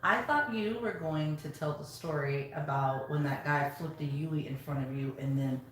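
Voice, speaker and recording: A woman's voice: deep voice, normal speed. A woman co-hosting a live stream in a casual chat, chatty and full of fillers as she retells things and prompts her co-host. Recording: very echoey room, faint noise.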